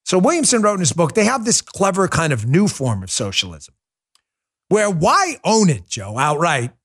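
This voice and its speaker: A man's voice: high voice, wildly swooping pitch, moderate pace, fairly bright tone, breathy edge. A man hosting a political talk show, delivering a sarcastic, mocking monologue with big swings in tone. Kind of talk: opinionated monologue.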